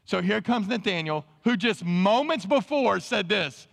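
A man preaching a sermon to his church, animated and calling on the congregation to answer. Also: sits high, unhurried, creaky, long reverb tail. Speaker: pastor. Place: church sanctuary.

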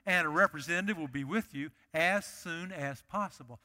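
A man with a high, bright voice preaches to his congregation in a church, hammering home points by repeating them. His words ring out with a long reverb from the hall around him. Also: normal speed. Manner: emphatic, repeats key phrases. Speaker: pastor. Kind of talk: sermon.

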